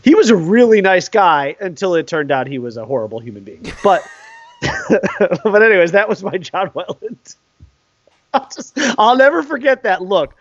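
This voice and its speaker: A man's voice: sits high, moderate pace, no room sound, dull audio. A man in his forties co-hosting a casual sports podcast, telling stories with lots of laughs. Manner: animated storyteller, laughs often. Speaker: podcast co-host.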